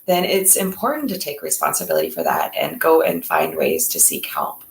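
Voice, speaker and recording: A woman's voice: sits low, huge pitch swings, normal speed, creaky, few pauses, echoey room, low-quality recording. A woman co-hosting a casual talk on mental health in a reflective, encouraging way. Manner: reflective, encouraging, speaks in lists. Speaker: co-host.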